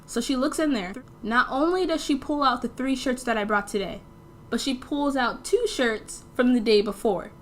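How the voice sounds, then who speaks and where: A teenage girl with a slightly high voice tells a story in a loose, chatty way. She fills her sentences with "like" and acts out the people in it. Faint background noise sits under her voice. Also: normal speed. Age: teens. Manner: chatty, full of "like" fillers, acts out dialogue. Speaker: storytime vlogger. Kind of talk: casual storytelling.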